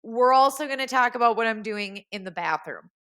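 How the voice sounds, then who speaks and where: A woman's voice: on the high side, animated, fairly quick, pushed and bright. A woman with a Minnesota accent, hosting a cleaning vlog and rambling eagerly to camera, often correcting herself. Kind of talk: chatty video intro to camera.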